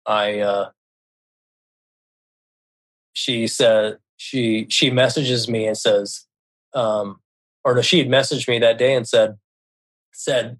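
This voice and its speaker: A man's voice: mid-range voice, fairly even intonation, fairly bright tone. A middle-aged man telling a personal story in casual speech, stopping often to restart and correct himself. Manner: halting, with frequent restarts and self-corrections.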